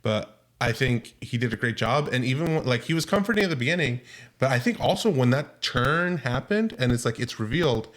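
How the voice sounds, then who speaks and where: A man's voice: mid-range voice, expressive, a little fast. A man co-hosting a podcast, chatting casually about a film with many restarts and fillers. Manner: rambling, hesitant, frequent restarts. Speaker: podcast co-host. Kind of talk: casual movie review chat.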